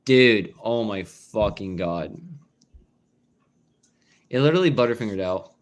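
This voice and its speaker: A man's voice: on the low side, animated, a little slow, long pauses. Male streamer, casual home chat, rambling, cusses freely. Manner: rambling, swears, many fillers and restarts. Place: at home indoors.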